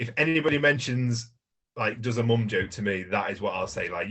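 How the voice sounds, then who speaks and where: A man's voice: lowish voice, fairly even intonation, fairly quick, fairly bright tone. A young man co-hosting a podcast, chatting casually with swearing and rambling asides. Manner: laughing, swearing, rambling anecdotes. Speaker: podcast co-host. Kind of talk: casual film chat.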